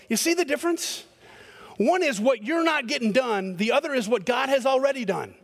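A man with a high, light voice preaches a sermon, keeping it conversational and personal. He tells stories with lively animation as he goes. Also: fairly quick, creaky. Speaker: pastor.

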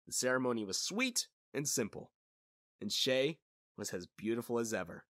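A man's voice: medium pitch, expressive, moderate pace, a bit bright, no room sound, clean studio sound. A man telling a story in the first person, in casual scripted narration.

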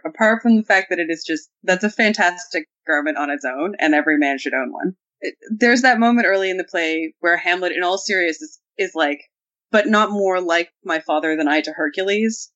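A woman's voice: lowish voice, fast talker, few pauses, fairly bright tone, dull audio. A woman on a podcast panel, chatting casually and acting out quoted lines in playful voices. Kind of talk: casual discussion.

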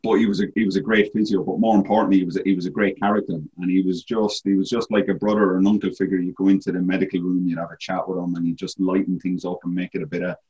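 Deep-voiced Irish man telling stories. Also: little pitch movement, rapid-fire, hardly any pauses, a little mellow, lo-fi sound. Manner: rambling, frequent "like, you know" fillers. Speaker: guest, former goalkeeper. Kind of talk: casual storytelling.

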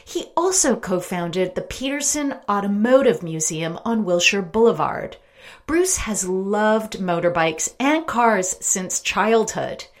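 A woman podcast host reading a scripted narration in a measured, clear way. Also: medium pitch, animated.

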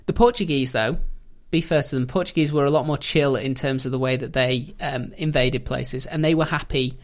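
A man's voice: mid-range voice, fairly even intonation, moderate pace. A man hosting a podcast, telling history in a casual, jokey way and laughing often. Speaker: podcast host.

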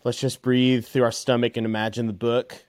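A man hosting a podcast, chatting in a relaxed, conversational way with many fillers. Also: mid-range voice, moderate pace, dry recording, clean studio sound. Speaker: podcast host. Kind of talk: casual interview chat.

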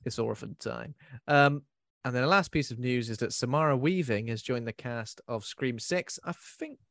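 A man hosting a casual chat about new films, talking in loose, rambling bursts full of restarts and fillers. His voice sits at a middle pitch. It is recorded close and dry, with no room sound. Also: normal speed, a bit bright, dry recording. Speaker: podcast host.

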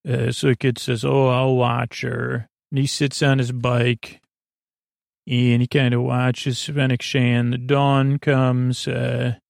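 Gravelly man, flat delivery, halting casual recap host, lots of "uh"s, dry close mic. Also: medium pitch, no room sound. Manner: halting, many fillers and restarts. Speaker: podcast host.

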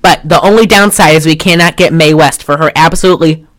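A woman's voice: low-pitched, fast. A woman co-hosting a casual film podcast, rambling with restarts and swearing freely. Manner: rambling, profane, many restarts. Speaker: podcast co-host.

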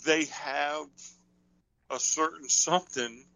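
A man's voice: on the high side, steady tone, slow pace, creaky, sharp tone, no room sound, low-quality recording. A man co-hosting a podcast, talking casually in a rambling way and thinking aloud with lots of fillers. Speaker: podcast co-host. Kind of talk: casual wrestling chat.

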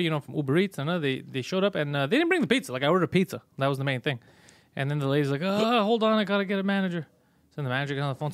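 A man hosting a casual comedy podcast, telling a story in an animated way and swearing a lot. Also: on the high side, no echo. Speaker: podcast host.

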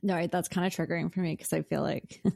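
Low-voiced woman podcast co-host, chatty. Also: fairly even intonation, fast, gravelly, darkish tone, dry recording, clean studio sound. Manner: rambling, laughs easily, lots of filler words. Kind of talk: casual chat.

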